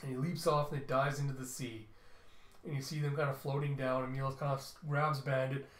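A man casually narrating a comic book readthrough, animated and chuckling as he goes. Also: mid-range voice, brisk. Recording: roomy room echo.

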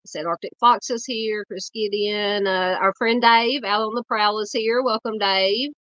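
A woman with a Southern US accent hosting a true crime livestream, earnest and halting, with a nasal, scratchy voice from a cold. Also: mid-range voice, steady tone, a bit bright, no room sound, lo-fi sound. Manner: earnest, halting, many fillers, greets chat by name. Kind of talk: casual livestream talk.

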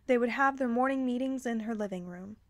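Soft-spoken woman reading a story. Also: a little high, a little fast. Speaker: fan fiction reader.

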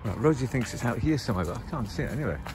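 A man's voice: mid-range voice, sing-song, racing, music in the background. Chatty Scottish man vlogging to camera. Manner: jokey, chatty, addresses viewers as folks. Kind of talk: casual vlog chat. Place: shops, indoors. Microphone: phone camera.

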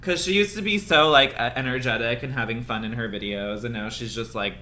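A man's voice: medium pitch, a little fast, few pauses, bright, forceful tone, a little hiss or hum. A young adult man chatting casually on a livestream, profane and complaining, congested and coughing now and then.

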